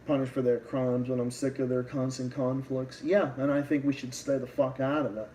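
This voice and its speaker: A man's voice: medium pitch, level tone, moderate pace, warm tone, far from the mic, slight background noise, poor audio. A man with a Boston accent hosting a livestream, delivering a heated, profane political rant full of restarts. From Massachusetts. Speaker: livestream host.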